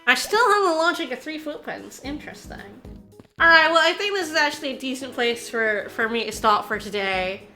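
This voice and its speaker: A woman streams a video game and talks her viewers through it in a high, bright voice. She is excitable and insistent, repeats herself and laughs often. Faint game music plays behind her. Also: brisk, few pauses. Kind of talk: casual game commentary to chat.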